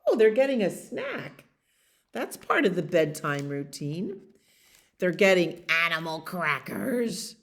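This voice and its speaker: A woman librarian reads a bedtime picture book aloud at an unhurried pace. Her voice swoops up and down expressively, and she pauses for friendly, chatty asides to young listeners. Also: fairly low pitch, sing-song. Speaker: children's librarian. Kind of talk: bedtime story read-aloud.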